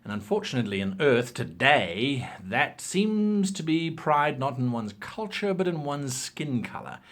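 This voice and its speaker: A man's voice: mid-range voice, unhurried. A man giving game-master tips in a casual, opinionated talk, acting out examples as he goes. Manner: animated, opinionated, acts out examples.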